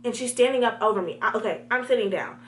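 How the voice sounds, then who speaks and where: A young woman telling a storytime vlog, animated and talking straight to her viewers. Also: a little high, quick pace, a little hiss or hum. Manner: animated, talks to viewers directly.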